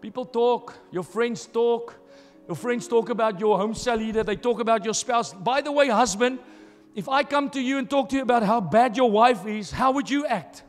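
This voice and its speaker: A male pastor with a very high voice preaches emphatically, hammering home his points with repeated phrases. His voice rings through a reverberant church hall while soft music plays behind him. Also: normal speed. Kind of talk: sermon.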